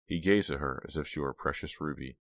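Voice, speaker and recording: A man narrating an audiobook in a measured storytelling manner on a close mic. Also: rumbling low, a bit bright, no echo. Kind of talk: scripted narration.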